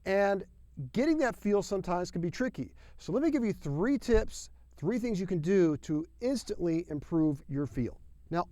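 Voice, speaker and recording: A man's voice: a little high, a little mellow, no echo. A man teaching a drum lesson to camera in an upbeat, folksy, emphatic way, sometimes singing drum syllables. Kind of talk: video lesson.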